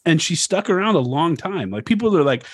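A man's voice: fairly high pitch, very animated, fairly quick, husky, no room sound, studio quality. A man in his forties co-hosting a casual podcast chat, telling stories animatedly, swearing freely and acting out quotes. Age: 40s. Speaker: podcast co-host.

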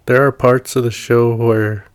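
A man's voice: medium pitch, flat delivery, unhurried, clean tone, no echo, clean studio sound. A man hosting a podcast and introducing an episode in an earnest, casual way, often restarting his sentences. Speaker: podcast host.

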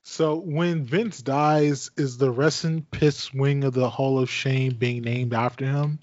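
A man's voice: medium pitch, fairly even intonation, slow pace, darkish tone, dry recording. A man in casual podcast banter who speaks bluntly and crudely. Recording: dull lo-fi sound.

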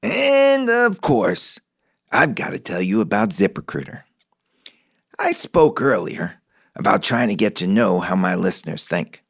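A man's voice: deep voice, expressive, moderate pace, creaky, breathy edge, no room sound. A middle-aged man hosting a podcast, telling stories and reading sponsor ads with enthusiasm. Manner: enthusiastic storyteller. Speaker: podcast host. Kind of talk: conversational host reading ads.

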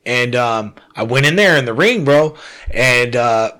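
A man telling a story in casual conversation, animated and slangy, swearing often and calling the listener "bro". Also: medium pitch, a little slow, clean tone. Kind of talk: casual chat.

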